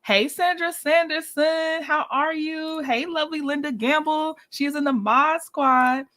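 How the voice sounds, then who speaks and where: Livestream host, woman, bright and somewhat high voice, chatty, laughs easily. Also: unhurried. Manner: chatty, greets viewers by name, laughs often. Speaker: livestream host reviewing a reality show. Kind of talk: casual livestream chat.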